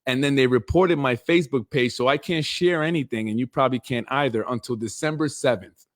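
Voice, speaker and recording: A man's voice: mid-range voice, fairly quick. A middle-aged man hosting a political show, delivering a blunt, confrontational, streetwise monologue. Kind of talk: heated monologue.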